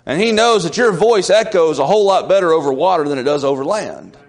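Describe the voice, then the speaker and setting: A man's voice: a little high, animated, quick pace. A male pastor preaching a sermon in a church, emphatic and questioning the congregation. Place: church sanctuary. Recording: long reverb of a large church.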